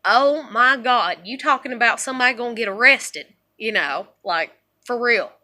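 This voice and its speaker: A woman in her thirties telling rambling, profane stories in a casual monologue, dropping to low mutters and rising to loud outbursts. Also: expressive, normal speed. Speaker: vlogger.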